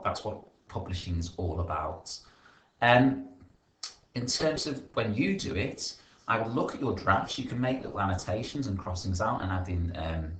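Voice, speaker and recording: A man teaching a writing lesson, talking through his edits as he types and correcting himself as he goes. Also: on the low side. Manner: thinks aloud while typing, rephrasing and correcting himself. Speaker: primary school teacher. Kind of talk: screen-recorded writing lesson, thinking aloud. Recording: echoey room with faint hiss and keyboard clicks.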